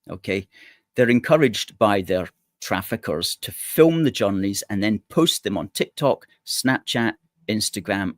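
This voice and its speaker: Sarcastic man with a low voice. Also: no echo, studio quality. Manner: sarcastic, indignant, mocking asides. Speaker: host of a political commentary show. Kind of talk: solo commentary reading news and viewer comments.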